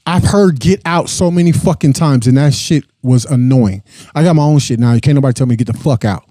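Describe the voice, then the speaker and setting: A man's voice: medium pitch, brisk, mellow, no echo. A young adult man hosting a podcast, giving a blunt, profane, impassioned casual monologue. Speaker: podcast host.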